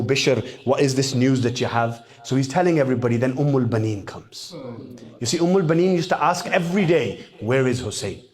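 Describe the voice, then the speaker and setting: Impassioned man preaching a sermon. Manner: rising to impassioned, high-pitched calls when quoting. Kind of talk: sermon with dramatic storytelling.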